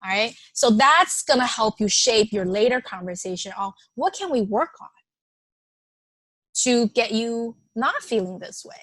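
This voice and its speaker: A woman presenter runs an online workshop in a conversational way, reading suggestions aloud and affirming each one. Her voice sits a little high. It is recorded dry and close, with no room sound. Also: lively intonation, a little slow, a bit bright, no echo. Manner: reads participants' suggestions aloud and affirms them; conversational, with frequent fillers and restarts.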